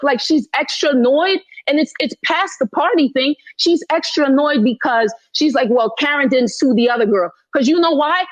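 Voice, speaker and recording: A high-pitched woman talks heatedly and emphatically in an online audio room, circling back over her points with indignation. The sound is dry and close, with the slightly dull quality of a phone microphone. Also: no room sound. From Haitian heritage. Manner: indignant, emphatic, repeats herself. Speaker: guest speaker in an audio chat room.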